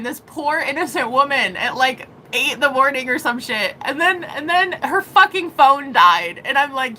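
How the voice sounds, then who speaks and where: A woman speaking as a spiritual reader in a casual vlog monologue, profane and dramatic, laughing often and rushing in bursts. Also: sits high, expressive, bright, forceful tone, slight background noise, poor audio.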